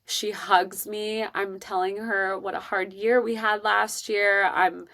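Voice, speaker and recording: A woman hosting a podcast, telling a personal parenting story in an earnest, emotional and expressive way. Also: mid-range voice, takes it slowly. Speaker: podcast host.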